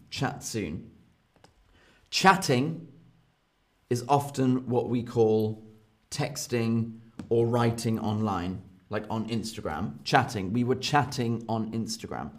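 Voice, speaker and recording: A young British man with a British accent, teaching English phrases in a playful live-streamed lesson and often laughing at his own examples. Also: medium pitch. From Britain.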